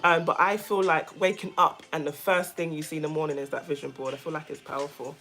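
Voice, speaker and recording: A woman vlogger talking casually to her viewers, animated and emphatic, often repeating phrases for stress. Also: sits low, fast talker, soft background music. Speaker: vlogger, self-care coach. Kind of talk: casual chat to camera.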